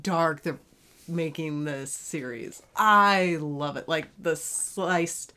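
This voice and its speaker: A woman in casual chat as a podcast co-host, gushing and quick to laugh. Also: low-pitched, sharp tone, clean tone. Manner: slow, gushing, laughs easily.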